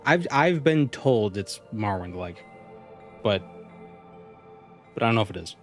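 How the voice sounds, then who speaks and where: A man's voice: on the low side, lively intonation, measured pace, soft background music. Give me a man casually chatting while playing a game, restarting his sentences. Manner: rambling, self-correcting, amused. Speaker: streamer. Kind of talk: casual gameplay commentary.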